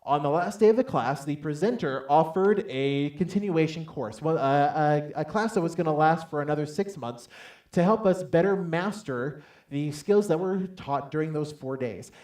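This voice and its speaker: A man giving a motivational talk from a stage to a live audience, telling a personal story with lively acted-out dialogue and calling on the crowd to answer. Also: fairly high pitch, moderate pace, echoey room. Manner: animated storytelling, acts out dialogue loudly, calls for audience responses. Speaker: motivational speaker. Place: large hall on stage.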